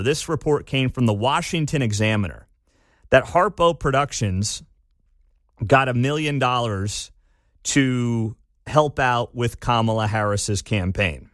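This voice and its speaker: A man's voice: mid-range voice, fairly bright tone, no echo, studio quality. A man hosting a talk radio show, giving sarcastic, opinionated commentary in a chatty way. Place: radio studio. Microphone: studio mic.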